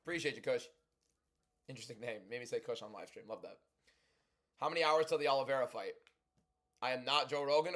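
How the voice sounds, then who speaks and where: A young man hosting a livestream, talking loudly and chatting casually as he reads and answers viewer comments. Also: mid-range voice, brisk, long pauses. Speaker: livestream host.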